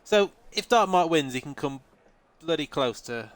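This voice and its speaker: A man's voice: fairly high pitch, animated, normal speed. A man doing live sim-racing commentary, nasal and congested from a head cold, chatty and answering his live chat. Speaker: race commentator.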